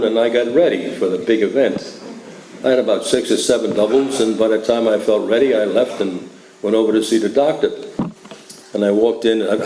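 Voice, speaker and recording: A man's voice: mid-range voice, mellow. Older man telling a funny story. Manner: humorous, conversational, many "you know" and "right?". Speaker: AA speaker. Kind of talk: storytelling talk to a meeting. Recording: echoey hall, faint noise.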